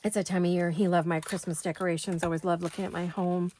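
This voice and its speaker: A woman's voice: lowish voice, little pitch movement, fast talker, a little mellow, a little hiss or hum. A woman in her sixties hosting a craft video from her home studio, chatting in a rambling, think-aloud way. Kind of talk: casual chat while crafting.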